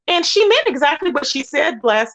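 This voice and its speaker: A woman's voice: high-pitched, very animated, moderate pace, fairly bright tone, slight background noise. A woman hosting a livestream, ranting indignantly and emphatically while greeting chat viewers. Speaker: livestream host. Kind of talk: heated livestream rant.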